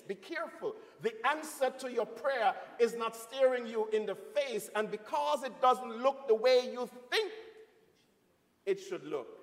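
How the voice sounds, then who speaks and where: A man preaching a sermon as a guest preacher, telling stories and calling on the congregation to respond. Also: high voice. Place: church. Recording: long reverb of a church hall.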